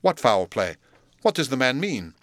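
A man reading an audiobook, voicing an alarmed, peevish middle-aged male lawyer who asks brisk, commanding questions. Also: lowish voice, very animated, fairly bright tone. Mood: irritated.

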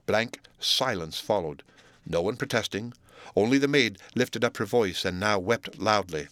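A man narrating a classic novel as an audiobook, in a steady, measured storytelling voice. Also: lowish voice, no room sound. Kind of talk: scripted narration.

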